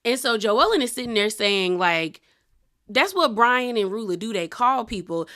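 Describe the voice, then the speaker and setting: A woman's voice: a little high, lively intonation, normal speed, bright, forceful tone. A woman casually recapping a reality show episode, animatedly retelling who said what and laughing often.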